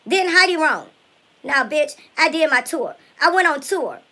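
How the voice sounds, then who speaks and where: A woman's voice: high-pitched, animated, unhurried, bright, forceful tone, heavily acted, poor audio. A woman impersonating a brash, foul-mouthed woman vlogger in a comedic spoof, ranting at her haters with nonstop profane insults. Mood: furious. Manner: profane, insult-hurling trash talk.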